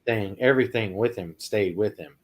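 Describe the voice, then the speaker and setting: This is a man co-hosting a paranormal podcast, talking loosely and casually. He rambles and restarts his sentences as he goes. His voice sits fairly low. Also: quick pace, crowd noise. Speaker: podcast co-host. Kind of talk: casual chat.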